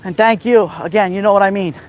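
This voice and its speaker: A man with a rough voice and a Brooklyn accent, chatting casually on a live stream as he walks outdoors along a beach. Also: high voice, fast, a little hiss or hum. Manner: chatty, gives shout-outs while walking.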